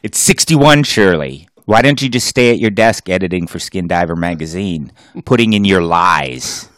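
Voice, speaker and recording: A man plays a bitter, hot-tempered husband who rants loudly and sarcastically at his wife. His voice swings widely. It is recorded close and dry. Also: low-pitched, expressive, normal speed, no echo, voice pushed down. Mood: angry ranting. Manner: loud, sarcastic ranting.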